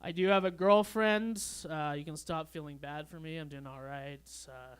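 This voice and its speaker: A young man doing a stand-up comedy set on a club stage, with a deadpan, awkward storytelling manner. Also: fairly high pitch, moderate pace, smooth. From Canada.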